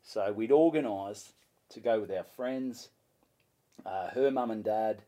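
A young Australian man, a comedian, telling a story in a casual interview. He swears freely and acts out what people said in a louder voice. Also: lowish voice, takes it slowly. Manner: animated, swears freely, acts out his own lines in a louder voice. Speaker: comedian guest.

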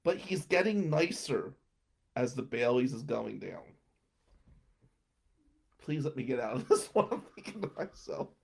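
A man's voice: medium pitch, big pitch swings, unhurried, gravelly, long pauses, slightly rough. A young man telling a rambling personal anecdote and laughing between lines. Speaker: storyteller. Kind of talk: casual anecdote.

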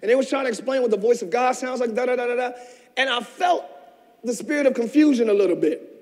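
A man with a strikingly high voice preaches a fervent sermon, rising to shouts and dropping to near whispers. His words ring out with a long echo through a church hall. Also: quick pace. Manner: passionate preaching, swinging between shouted peaks and hushed asides. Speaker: pastor.

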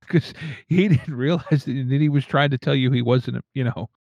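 Podcast guy remembering old games, halting, chuckles, kinda muffled dry mic. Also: medium pitch, creaky, darkish tone, dry recording. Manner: thoughtful, halting, chuckles between remarks. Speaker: podcast co-host. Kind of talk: casual chat about tabletop games.

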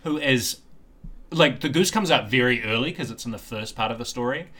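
A man's voice: mid-range voice, fairly quick, a bit bright. A young man co-hosting a film podcast, chatting casually and playfully, with theatrical asides to the listener. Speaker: podcast co-host. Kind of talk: casual chat.

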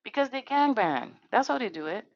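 A podcast host delivers an impassioned, angry, profane monologue packed with rhetorical questions. Her voice is on the high side, with big pitch swings and a slightly fast pace, in a dull, dry, lo-fi recording.

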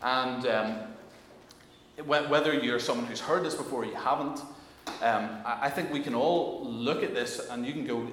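Man preaching in a big reverberant hall, mid pitch, animated delivery with many restarts. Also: normal speed. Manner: animated, many restarts, acts out quoted voices. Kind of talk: sermon. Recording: very echoey hall, faint room noise.

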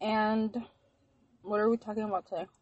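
A woman's voice: medium pitch, fairly even intonation, moderate pace, a little mellow, breathy edge, highs cut off. A woman co-hosting a casual podcast chat, tossing in playful quips. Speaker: podcast co-host.

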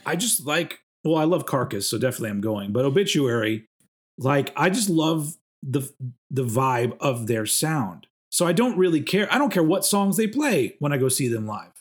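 A man's voice: fairly high pitch, very animated, normal speed. Rambling casual male podcast host. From Texas. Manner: rambling, self-mocking, with restarts. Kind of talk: casual chat.

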